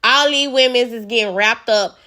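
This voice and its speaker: A woman's voice: a little high, normal speed, bright, forceful tone. A woman giving sassy, outspoken, profane commentary as she recaps a reality show.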